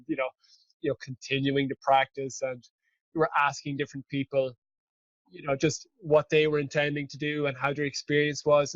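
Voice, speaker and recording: A man hosting a podcast, telling a story in an animated way and swearing freely. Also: a little high, no echo, muffled recording. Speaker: podcast host. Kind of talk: casual conversational storytelling.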